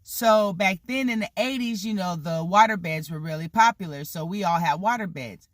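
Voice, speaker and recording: A person in their thirties telling childhood stories in a casual vlog, animated and swearing freely, with lots of "like" and "you know". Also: medium pitch, normal speed, no room sound, studio quality. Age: 30s. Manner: animated, swears freely, acts out the people in the story; heavy use of "like" and "you know" fillers. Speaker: vlogger telling a story.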